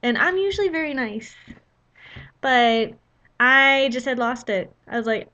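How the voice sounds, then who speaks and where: A woman's voice: high voice, expressive, a little slow, sharp tone, lo-fi sound. A young woman telling a travel story in a casual vlog, chatty and full of "you know" fillers. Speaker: vlogger.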